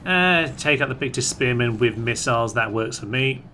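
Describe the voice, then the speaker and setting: Man, chatty game commentary, bright forceful voice, playful asides, faint background hum. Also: mid-range voice, animated, moderate pace. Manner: chatty, playful, addresses troops aloud. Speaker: gaming commentator. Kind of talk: let's-play commentary.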